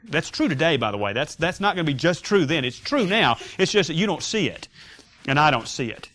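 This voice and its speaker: A man's voice: a little high, sing-song, brisk, a bit bright. A man teaching a Sunday school Bible class, emphatic and joking with his students as they discuss scripture.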